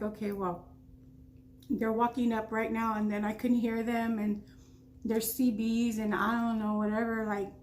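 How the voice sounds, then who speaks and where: A Texas woman vlogger earnestly retells a frightening night in a storytime vlog, acting out the dialogue and restarting often. Her voice is on the high side, with a little hiss or hum in the background.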